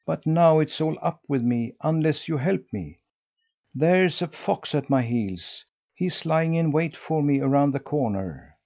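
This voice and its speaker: A man's voice: on the high side, lively intonation, unhurried, highs cut off, voice pushed up. A man voicing a tiny, plucky young boy in a storybook reading, talking eagerly and urgently.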